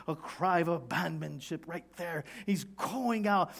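A man with a fairly high voice delivers a sermon as pastor. He preaches dramatically, rising to loud cries and then dropping to near-whispers. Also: lively intonation, a little slow, gravelly, hardly any pauses, breathy edge. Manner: dramatic preaching, swinging from shouts to hushed tones.

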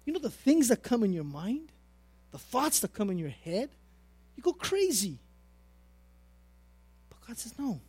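A middle-aged man preaching a sermon, telling a personal story with repeated phrases and big swings between loud and quiet. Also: very high voice, very animated, a little slow, pauses often, breathy edge, dry recording.

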